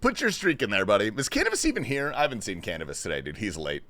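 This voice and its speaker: A man's voice: fairly low pitch, wildly swooping pitch, quick pace, pushed and bright, dry recording. A man streaming live, chatting loosely and profanely with his chat while he plays, calling everyone brother and dude. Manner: loose and profane, greets chat with bro-talk. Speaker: livestreamer. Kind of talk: casual livestream chat while gaming.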